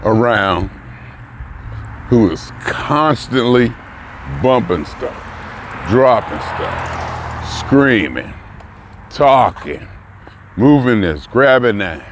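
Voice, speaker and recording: A man's voice: medium pitch, lively intonation, slow pace, pauses often. An older man vlogging in a casual, musing way, trailing off mid-thought as he reflects aloud. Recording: noisy outdoor traffic. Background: passing cars and street ambience.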